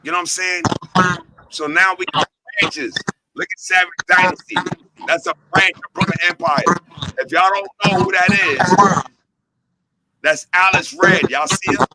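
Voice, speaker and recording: A man, hosting a livestream and telling stories in an animated, hyped way full of street slang. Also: high-pitched, moderate pace, pauses often, very noisy. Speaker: host and label president. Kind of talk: casual livestream storytelling.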